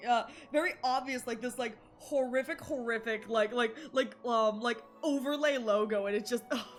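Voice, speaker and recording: A young adult woman streaming and chatting casually, animated and rambling with lots of fillers and restarts. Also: a little high, moderate pace, faint music behind. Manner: excited shouted greetings to chat. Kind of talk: casual live-stream chat.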